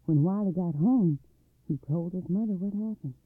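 A man's voice: high-pitched, moderate pace, breathy edge, no room sound. A man narrating a folk tale for a radio storytelling program, reading expressively and dramatically. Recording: dry, tinny phone-like sound.

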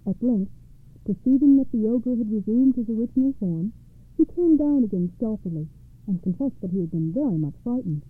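Lady reading a fairy tale, fairly high voice, sounds tinny like over a phone. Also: no echo. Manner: measured, expressive storytelling. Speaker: storyteller on a radio program. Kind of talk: fairy tale read-aloud narration.

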